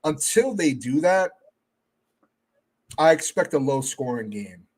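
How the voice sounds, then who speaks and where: A man on as a guest who talks football in a casual, measured way, often hedging his points. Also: fairly high pitch, husky. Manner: relaxed, measured, hedging with "I mean". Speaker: guest fan analyst. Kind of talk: casual sports talk.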